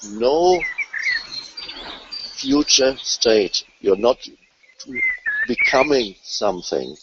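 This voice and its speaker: A man giving a reflective spiritual talk, measured and contemplative with pauses. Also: medium pitch, sing-song. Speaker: spiritual teacher. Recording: lo-fi, with loud background noise.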